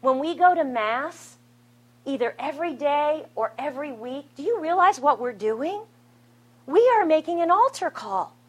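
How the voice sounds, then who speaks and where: A middle-aged woman speaking to a live Catholic gathering, telling her testimony in an animated, conversational and self-deprecating way. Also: on the high side, rough recording. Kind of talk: spoken testimony to a live audience. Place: room with an audience.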